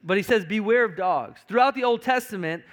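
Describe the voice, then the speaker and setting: High-voiced pastor preaching emphatically. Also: male voice, lively intonation, a little fast, a bit bright. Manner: emphatic, repeats words, stammers on restarts. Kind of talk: sermon. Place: church sanctuary.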